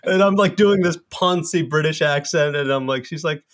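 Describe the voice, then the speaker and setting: A man and comedy filmmaker telling stories in a loose, animated podcast chat, swearing freely. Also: on the high side, moderate pace. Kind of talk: casual podcast conversation.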